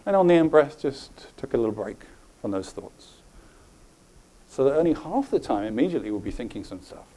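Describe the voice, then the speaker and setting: A middle-aged man giving a live presentation to an audience, animated and often checking in with questions. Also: medium pitch, brisk. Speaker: presenter at a health talk.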